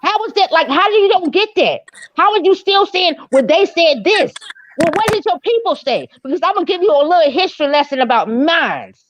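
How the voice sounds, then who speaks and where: A woman's voice: extremely high pitch, expressive, fairly quick. A woman arguing her point in a heated online audio debate, insistent and repetitive, asking others to be respectful. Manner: insistent, repeats herself, pleads for respect. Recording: dull lo-fi audio-room stream.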